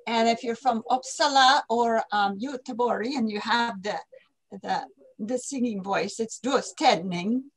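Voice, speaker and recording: A woman's voice: on the high side, a little slow, low-quality recording. A woman on a video call explaining carefully, with a touch of amusement. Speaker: participant. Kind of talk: casual explanation.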